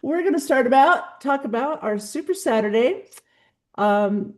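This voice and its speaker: A woman hosting an online company meeting, upbeat and excited as she introduces the speakers. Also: high-pitched, unhurried. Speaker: meeting host.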